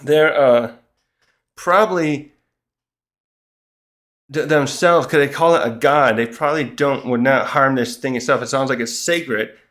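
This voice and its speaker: This middle-pitched man hosts a manga review show and chats alone about a comic chapter, sounding a bit bright. His talk wanders and he interrupts himself mid-sentence, now and then acting out the characters' lines in quick bursts.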